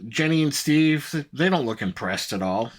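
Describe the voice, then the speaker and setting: A man's voice: fairly high pitch, animated, normal speed. A man co-hosting a podcast, casually recapping a film plot in a loose, rambling way with plenty of fillers. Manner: easygoing, rambling, many fillers. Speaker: podcast co-host.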